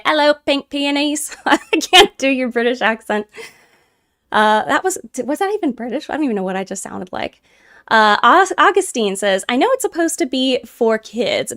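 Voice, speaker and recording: A woman with a fairly high voice hosts a relaxed live stream. She reads viewers' messages aloud and answers them in a chatty, animated way, with quick asides and laughs. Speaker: livestream host reading chat. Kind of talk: casual stream chat.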